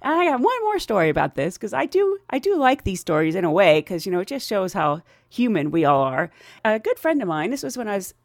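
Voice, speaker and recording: Middle-aged woman host, chatty travel anecdotes with lots of laughter; very lively, dry close sound. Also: medium pitch, brisk, no echo. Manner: animated, laughs often, acts out quoted voices. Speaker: podcast host, flight attendant. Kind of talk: casual storytelling.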